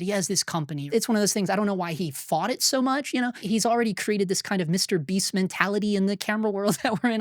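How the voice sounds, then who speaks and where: A man's voice: sits high, dry recording. Male filmmaker vlogger with a blunt, profane, rambling delivery, recorded dry and close. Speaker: filmmaker and YouTuber. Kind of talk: candid opinion commentary.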